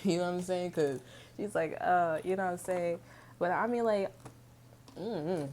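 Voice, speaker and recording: A woman's voice: lowish voice, moderate pace, long pauses, darkish tone, a little hiss or hum. A woman giving a casual tarot reading, chatty and slangy, swearing freely and humming little tunes between thoughts. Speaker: tarot reader.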